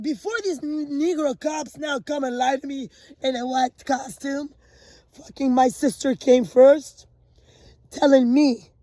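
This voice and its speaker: A woman delivering an agitated, profane rant that swings between shouting and low muttering. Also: no room sound. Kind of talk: ranting monologue.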